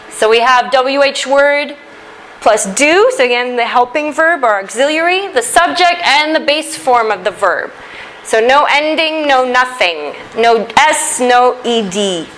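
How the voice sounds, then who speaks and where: A woman teaching an English grammar lesson, explaining step by step with a slow, deliberate delivery and occasional fillers. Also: high voice, a bit bright, slight background noise, poor audio.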